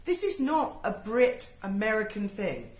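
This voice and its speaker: A woman's voice: mid-range voice, sing-song, unhurried, echoey room, rough recording. A British woman, giving a sarcastic, sweary video review monologue. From Britain. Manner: sarcastic, swears freely, mocking asides. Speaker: YouTuber. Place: home in Spain.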